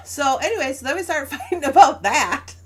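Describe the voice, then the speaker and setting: A woman's voice: high-pitched, expressive, moderate pace. A young adult woman chatting casually as a crafting stream host, telling a story with frequent laughs and acting out both sides of an argument.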